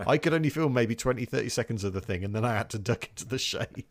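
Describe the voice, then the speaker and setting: A man's voice: medium pitch, expressive, fast talker. A man co-hosting a music podcast in casual chat, earnest and reflective, reading out quotes. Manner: earnest, reads out quotes, chuckles now and then. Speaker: podcast co-host.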